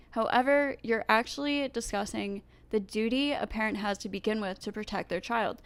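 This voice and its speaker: A woman with a stuffy nose reading viewer comments aloud and giving her own measured replies, with fillers and pauses. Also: on the high side, clear, resonant tone, dry recording. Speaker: commentary video host.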